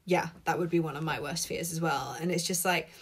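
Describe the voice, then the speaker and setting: A woman's voice: low-pitched, fairly quick, husky. A woman hosting a live stream, chatting casually to viewers, swearing freely and reacting to their comments. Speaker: host of live tapping session. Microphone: laptop.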